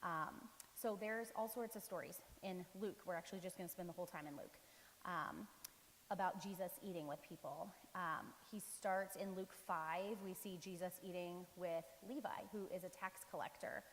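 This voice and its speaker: A woman's voice: lowish voice, normal speed, slight background noise. Woman preaching casually in a reverberant church. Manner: conversational, many fillers and restarts. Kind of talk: casual sermon.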